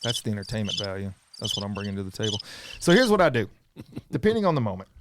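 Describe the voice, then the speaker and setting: A man's voice: lowish voice, fast talker, noisy background. A middle-aged man, hosting a casual chat and telling stories in a playful way. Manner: playful storyteller, animated. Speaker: podcast host, coach.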